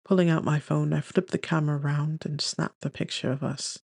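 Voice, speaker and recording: A man narrating a first-person romance audiobook in a gentle, unhurried storytelling manner on a close studio mic. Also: fairly high pitch, flat delivery, vocal fry, dry recording.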